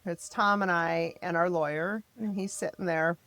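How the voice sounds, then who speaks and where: A middle-aged mother from the American Midwest telling her family's story in an interview, emphatic and frank, turning animated when she quotes others. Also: lowish voice, normal speed, no room sound. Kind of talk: personal storytelling in a podcast interview.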